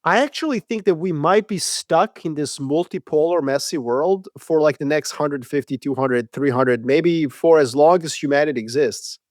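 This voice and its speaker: A man co-hosting a podcast, debating world affairs in an animated, profane, casual way. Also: fairly high pitch, normal speed, few pauses, dry recording, studio quality. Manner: animated, profane, acts out quoted voices. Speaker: podcast co-host.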